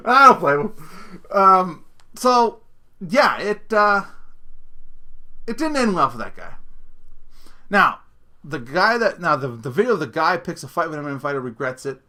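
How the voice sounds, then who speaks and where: A man's voice: on the high side, sing-song, measured pace, long pauses, pushed and bright. A man hosting his own podcast, talking through a casual solo rant with many laughs and restarts. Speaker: podcast host.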